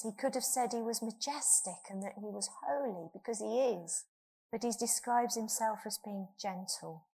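A woman's voice: fairly high pitch, darkish tone. A middle-aged woman preaching a sermon to her church, earnest and asking the congregation questions.

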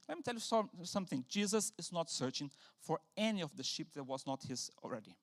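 A man preaching a sermon in a church, animated, acting out quotes with sudden loud bursts. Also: on the high side, fairly quick. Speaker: pastor.

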